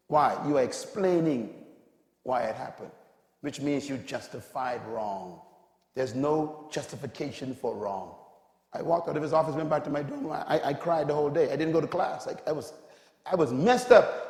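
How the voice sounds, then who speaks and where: Forceful man preaching in an echoey hall. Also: on the high side, animated, normal speed. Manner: forceful preaching with sudden loud emphatic bursts. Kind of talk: sermon. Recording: echoey hall with long reverb.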